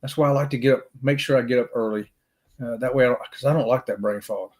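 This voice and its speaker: A man's voice: medium pitch, fast talker, a little mellow. A middle-aged man, hosting a casual livestream in a folksy, upbeat way while reading chat comments. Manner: folksy and upbeat, says "y'all" often. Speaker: livestream host.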